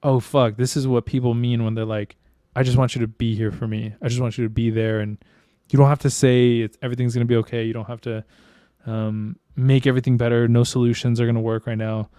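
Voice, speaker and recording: Talking fast with little pitch movement, this podcast co-host is a young man of medium pitch whose warm, clear, resonant voice comes through with studio quality and no echo. He chats casually and candidly, swearing a lot and restarting his sentences as he rambles.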